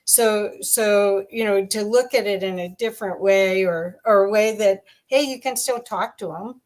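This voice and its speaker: Female podcast host, middle pitch, casual and halting with fillers. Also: a little mellow. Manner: hesitant, many fillers. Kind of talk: casual interview chat.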